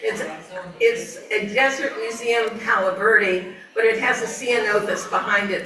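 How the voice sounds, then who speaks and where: A woman's voice: medium pitch, fairly even intonation, measured pace, noisy background. Distant, chatty woman giving a garden talk. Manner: chatty, laughs often, many fillers. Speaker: garden speaker. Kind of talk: informal nature talk. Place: outdoor garden event. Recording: roomy, distant mic, faint ambience.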